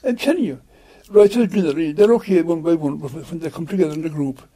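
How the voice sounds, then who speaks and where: An older man in an archival interview clip, emphatic and quick, repeating words as he talks. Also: a little high, mellow. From Kerry, Ireland. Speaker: interviewee, writer.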